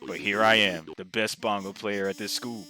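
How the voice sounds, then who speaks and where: A man's voice: fairly low pitch, steady tone, normal speed, pushed and bright. A man voicing a boastful male skeleton bongo player with a brash, cocky manner.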